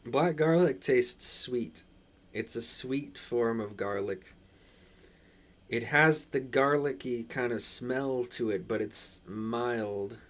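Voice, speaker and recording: Chatty man streaming live, transatlantic accent. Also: medium pitch. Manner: halting, many restarts and fillers while reading chat. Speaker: channel host reading live chat. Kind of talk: casual live-stream chat.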